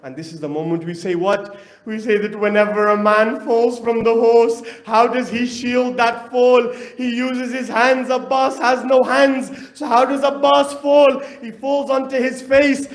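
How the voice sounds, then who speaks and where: A man with a British accent delivers a mourning sermon in a high, impassioned voice. He asks rhetorical questions and slips into chanting. The sound rings around a roomy, echoey hall. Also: normal speed. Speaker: preacher. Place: mosque hall.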